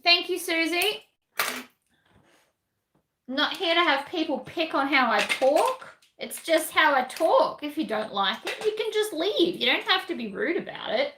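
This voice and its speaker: A woman's voice: high-pitched, lively intonation, measured pace, roomy sound, background noise. A woman with an Australian accent chatting casually while she sews, answering viewer comments bluntly. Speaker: sewing livestream host. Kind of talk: casual chat while sewing.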